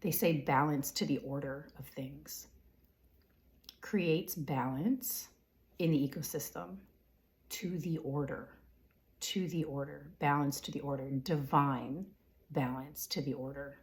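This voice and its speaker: A woman with a notably low voice gives a spiritual reading at an unhurried pace. She relays what she senses in halting, repeated words, murmuring her own questions under her breath between them. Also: fairly even intonation. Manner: halting and repetitive, often softly whispering questions to herself; frequent fillers and throat-clearing. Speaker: intuitive reader.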